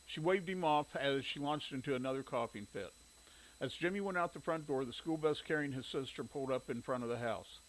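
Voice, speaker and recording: A man narrating a story in a steady reading voice. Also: medium pitch, fairly quick, poor audio. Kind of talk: audiobook narration.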